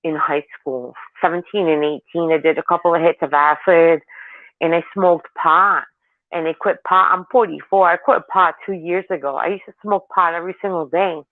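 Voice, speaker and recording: A woman's voice: lowish voice, normal speed, no echo. Woman in her forties on a tinny phone line. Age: 40s. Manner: rambling, candid, animated storytelling. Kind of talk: casual chat.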